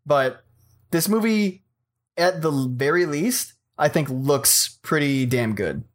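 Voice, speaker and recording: Male co-host, higher pitch, measured and considered, casual film talk. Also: expressive. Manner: measured, weighs his opinions with "I think".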